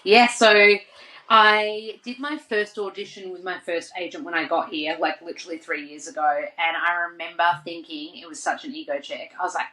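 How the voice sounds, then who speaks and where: A woman's voice: fairly low pitch, moderate pace, rough recording. Chatty Australian woman telling stories. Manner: lively anecdotes full of "like" fillers and acted-out quotes. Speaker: podcast guest. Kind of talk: casual interview storytelling.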